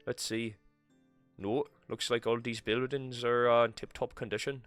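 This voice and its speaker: A man's voice: medium pitch, fairly even intonation, normal speed, fairly bright tone, no room sound, faint music behind. A man live-streaming a game, chatting casually with himself and swearing freely as he plays. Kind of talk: casual gameplay commentary.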